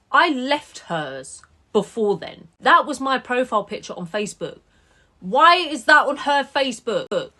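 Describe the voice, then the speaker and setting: Young woman, vlog storyteller, lower voice, lively and indignant telling of a personal story. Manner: animated, indignant retelling with quick asides. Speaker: TikTok storyteller.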